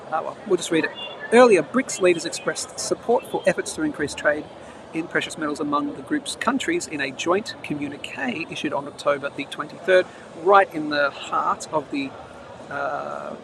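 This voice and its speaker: A chatty man hosts a live market show, reading the news aloud and breaking off for quick comments. His voice sits a little high, and clear street and traffic noise runs under the outdoor recording. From Australia. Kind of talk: casual live-stream chat and news reading. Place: outdoors near traffic, between trains. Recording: noisy outdoor live stream.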